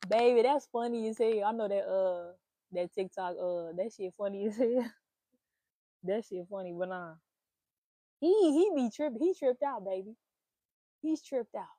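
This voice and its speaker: Animated, blunt woman with a mellow voice. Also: medium pitch, normal speed, no echo. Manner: animated, swearing, playful exclamations. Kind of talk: casual spiritual reading monologue.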